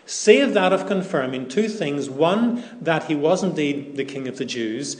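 A man preaching a sermon, deliberate and emphatic, repeating key phrases for weight. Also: fairly high pitch, lively intonation. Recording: echoey room.

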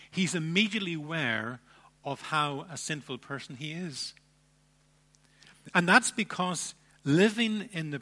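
A man preaching a sermon, emphatic, with dramatic pauses and repeated phrases. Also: fairly high pitch, bright, forceful tone. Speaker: pastor.

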